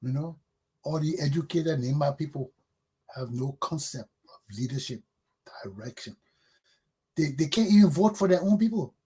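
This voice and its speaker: A middle-aged man with a Liberian accent hosts a talk show, his high voice husky and a little rough. He delivers blunt, scolding political commentary and hurls insults at those he criticizes. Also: lively intonation, normal speed, pauses often, warm tone.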